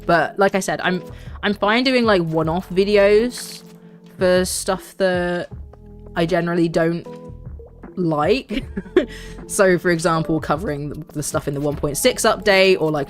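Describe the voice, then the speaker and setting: A young woman, streaming a game and chatting casually in a rambling way, full of fillers. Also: lowish voice. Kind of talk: casual gaming stream chat.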